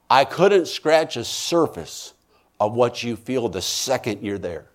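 A man who is a minister, telling an emotional personal testimony, repeating phrases for emphasis and swinging from loud pleading to hushed tones. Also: mid-range voice, sing-song, takes it slowly.

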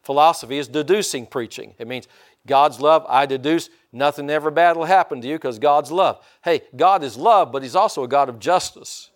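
A man's voice: fairly high pitch, moderate pace. An older man from Indiana preaching a sermon in a folksy way, often calling out for amens. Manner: folksy, calls for amens from the congregation. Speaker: pastor.

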